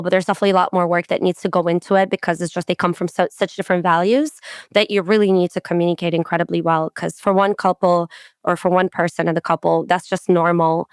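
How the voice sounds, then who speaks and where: Woman podcast host, lively storytelling chat, clear smooth voice, close dry mic. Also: no echo. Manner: chatty and animated, acts out quotes with rising pitch and laughter. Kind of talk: casual interview chat.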